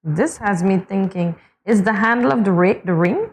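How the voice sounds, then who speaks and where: A woman co-hosting a morning show, playful and exclaiming, quick to poke fun at herself. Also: medium pitch, lively intonation. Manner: playful, exclaiming, self-deprecating. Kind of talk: casual studio banter.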